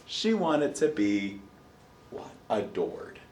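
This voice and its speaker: A man with a lowish voice lectures a college psychology class at a slow pace, animated and full of anecdotes. He acts out his own reactions and quizzes the students. He is far from the mic in an echoey classroom, with a little hiss or hum.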